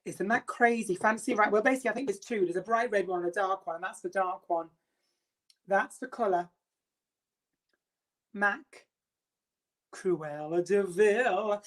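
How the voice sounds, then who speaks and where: A woman's voice: mid-range voice, normal speed, pauses often, fairly bright tone. A middle-aged woman hosting a makeup live stream, theatrical and self-mocking, greeting viewers by name.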